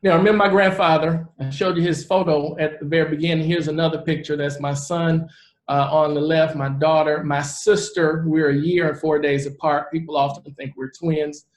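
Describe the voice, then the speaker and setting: A man in his forties, a real estate investor, giving a live presentation and telling stories in an earnest, animated way. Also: a little high, moderate pace. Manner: earnest, animated storyteller who acts out the people he quotes. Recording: roomy echo.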